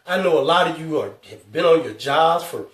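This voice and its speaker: A man hosting a live financial talk, stressing each number slowly and calling out to his viewers. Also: a little high, lively intonation, fairly bright tone, recorded from a distance. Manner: emphatic, drawn-out numbers, calls out to viewers. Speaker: host. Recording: echoey room, speaker away from mic.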